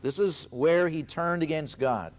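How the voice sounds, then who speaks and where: A man preaching a sermon, reading scripture aloud with raised emphasis and then explaining it in a quieter, conversational way, repeating key phrases. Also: fairly high pitch, a little slow.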